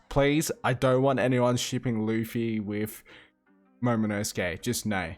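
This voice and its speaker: A man's voice: medium pitch, a little slow, faint music behind. A man reviewing a manga chapter in a casual monologue, retelling scenes and quoting characters in passing with loose fillers.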